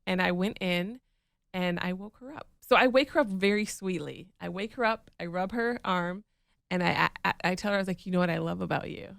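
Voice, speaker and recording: A woman co-hosting a podcast in casual chat, telling stories in a lively way and acting out the lines she quotes. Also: lowish voice, normal speed, creaky, no echo, clean studio sound. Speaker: podcast co-host.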